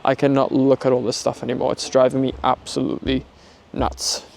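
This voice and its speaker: A man chatting excitedly to his camera outdoors on his rural property, full of exclamations. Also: mid-range voice, brisk, creaky. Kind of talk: casual vlog chat to camera. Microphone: handheld camera.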